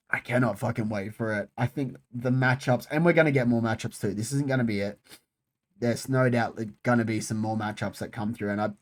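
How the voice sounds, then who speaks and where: Guy, casual solo fight chat, animated and sweary, mid-pitched. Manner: animated, frequent swearing, repeats phrases. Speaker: MMA channel host.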